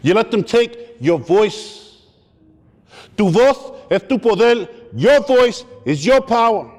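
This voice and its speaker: A man's voice: high-pitched, very animated, slow, darkish tone, heavily acted. A man voicing his stern, proud middle-aged Puerto Rican father who lectures firmly and builds to impassioned speech. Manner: firm, lecturing, rising to impassioned. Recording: long hall reverb.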